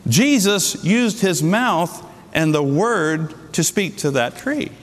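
A middle-aged man preaches a sermon in a church hall, his voice sitting a little high for a man. He leans on key words, slowing down and leaping up in pitch for emphasis. A long reverb trails behind him in the room. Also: lively intonation. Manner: emphatic preaching with sudden pitch jumps and slowed stresses. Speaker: pastor.

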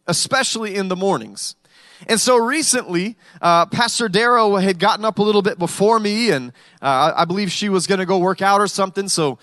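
A man's voice: high voice, sharp tone, no echo. A male pastor preaching a sermon in a conversational way, with humorous stories.

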